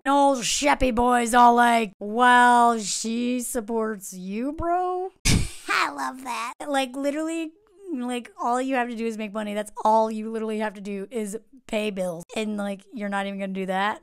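Young woman ranting thru a movie recap, kinda high voice, super sarcastic, jumps into acting out the characters. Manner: animated, sarcastic, acts out characters' lines; frequent "like" and "literally" fillers. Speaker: vlogger. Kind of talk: casual film recap commentary.

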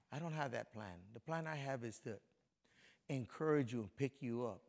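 A man's voice: medium pitch, a little mellow. A middle-aged male pastor from Compton, California, preaching a sermon in a conversational way and speaking straight to people in the congregation. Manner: conversational preaching, talks directly to congregation members.

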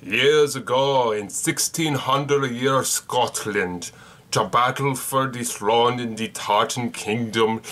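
A young man reading a made-up legend in a slow, mock-solemn storybook narrator voice. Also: on the low side, pushed and bright. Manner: slow, grand, drawn-out reading.

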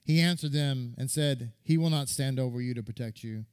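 A man's voice: medium pitch, a little fast, a little mellow, clear, resonant tone. A man, a rabbi, giving a sermon that retells a midrash, reading and quoting scripture and repeating words for stress.

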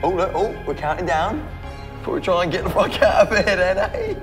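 An actor playing a crass, sneering contestant who mocks and swears at the others. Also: male voice, sits high, sing-song, fairly quick, a bit bright, soft background music. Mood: mocking. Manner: mocking, swearing.

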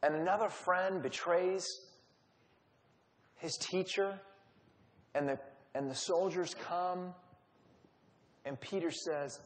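A man with a high-pitched voice leads a Bible study in a conversational teaching style, retelling stories and acting out quotes. He speaks slowly with fairly even intonation and frequent pauses, and the recording has long hall reverb.

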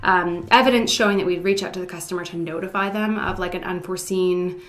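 A woman's voice: lowish voice, fairly even intonation, fast, soft background music. A woman chatting casually about her online store, with lots of "um" and "like" fillers. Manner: hesitant, many "um" and "like" fillers. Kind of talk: casual chat.

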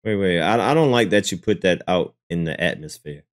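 On a live stream, a man reacts to clips with casual, mocking commentary, talking a little fast. He's animated and keeps leaping into high squeals of disbelief.

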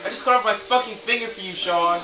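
A man commentating on gameplay, cursing loudly and laughing with frequent outbursts. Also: high voice, quick pace, far from the mic. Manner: profane, loud outbursts, laughing. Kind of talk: let's play commentary. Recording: echoey room, game music behind.

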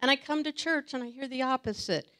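A woman's voice: high voice, fast talker, sharp tone. Earnest woman giving a church testimony. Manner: earnest, emotional, laughs often. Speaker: church greeter sharing testimony. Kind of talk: personal testimony. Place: church meeting room with audience.

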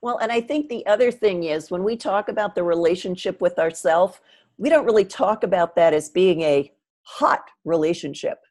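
A woman's voice: lowish voice, moderate pace. A woman hosting a podcast interview, affirming her guest often and musing aloud. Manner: warmly affirming, with frequent "mm-hmm" and "absolutely". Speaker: podcast host.

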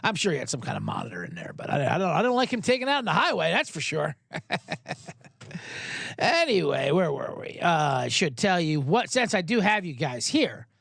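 A man's voice: on the high side, huge pitch swings, moderate pace, vocal fry, a bit bright, no room sound, studio quality. A man hosting a sports betting podcast, talking in a rambling, profane, casual way.

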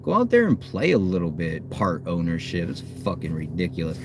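A man hosting a fan livestream, chatting casually and cursing, swinging from low muttering to loud hype. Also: huge pitch swings, a little fast, slight background noise. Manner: hyped, profane, swings from low mutter to yelling. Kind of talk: casual live stream chat. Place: outdoors.

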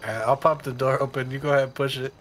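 A man's voice: mid-range voice, little pitch movement, rapid-fire, fairly bright tone. A man roleplaying a hard-cursing redneck landlord in a game, talking in an exasperated drawl. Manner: heavy cursing, Southern drawl-style talk, exasperated. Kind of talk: in-character improvised game roleplay.

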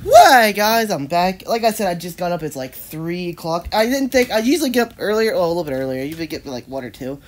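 Her congestion shows in a nasal tone as this young woman vlogs about her day, rambling and filling her speech with "like." The voice is fairly low, expressive and a little mellow, delivered fast with few pauses over slight background noise.

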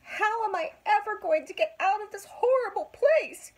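An older woman voicing a naive, eager wooden puppet boy in a storybook, speaking in a high, childlike way. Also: big pitch swings, takes it slowly, breathy edge, exaggerated voice. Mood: childlike pleading.

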